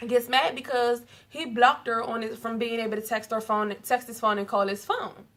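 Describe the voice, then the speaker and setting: Animated, profane young woman telling a story. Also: on the high side. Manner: animated, profane, quick to laugh. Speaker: vlogger. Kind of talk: casual storytime vlog.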